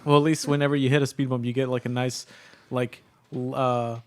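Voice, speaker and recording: A man co-hosting a tabletop game podcast, reading a joke sponsor spot and recapping the last session in a dry, deadpan way. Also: mid-range voice, a little fast. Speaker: game master and co-host. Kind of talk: casual podcast chat.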